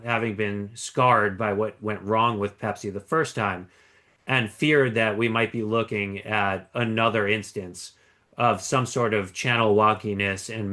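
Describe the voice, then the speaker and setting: A man giving an analytical investment presentation, measured and explanatory, with frequent ums and small restarts. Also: lowish voice, pushed and bright. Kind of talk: conference stock pitch. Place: conference presentation.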